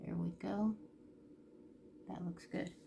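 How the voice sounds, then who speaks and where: Slow and creaky, with a fairly low pitch, a dark tone and fairly even intonation, a woman beauty vlogger talks while applying her makeup over slight background noise. The casual tutorial chat is candid and emotional, sprinkled with a Southern "y'all," and she comes close to tears at times.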